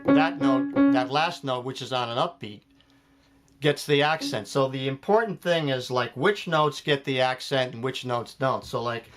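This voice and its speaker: A man's voice: medium pitch, moderate pace. A man giving a jazz piano lesson, explaining phrasing step by step and counting beats aloud. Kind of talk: spoken music lesson. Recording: loud piano playing behind the voice.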